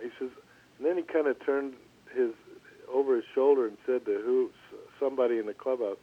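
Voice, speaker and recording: A man's voice: mid-range voice, slightly rough. Older man telling stories over the phone. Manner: relaxed, halting, lots of restarts. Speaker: former pitcher, guest. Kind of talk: storytelling interview. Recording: tinny phone line.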